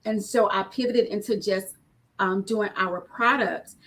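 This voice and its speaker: A woman's voice: mid-range voice, unhurried, fairly bright tone. 30s woman business owner on a video call from her home studio, earnest, rambly, lots of ums. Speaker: small business owner guest. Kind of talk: casual panel conversation. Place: home studio, former bedroom.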